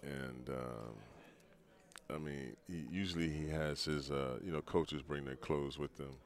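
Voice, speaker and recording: A deep, low-pitched older man telling long stories as an interview guest. He talks in a relaxed, rambling way, restarting phrases often. He is a former pro athlete in his sixties. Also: measured pace. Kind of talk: storytelling in a podcast interview.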